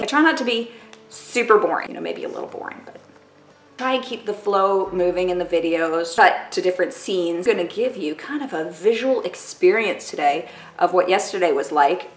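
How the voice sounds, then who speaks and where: A woman's voice: on the low side, a bit bright, roomy sound. Chatty self-mocking woman vlogger. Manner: chatty, self-mocking, uses lots of "like" and "totally". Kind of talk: casual chat to camera.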